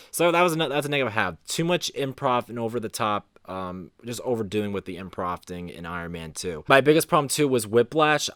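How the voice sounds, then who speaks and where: A man talks through a film review in a loose, rambling way, stumbling over and repeating his words. His voice sits at an ordinary middle pitch and sounds dry and close. When he gets worked up he climbs higher and louder. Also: no room sound. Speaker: co-host movie reviewer. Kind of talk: casual review chat.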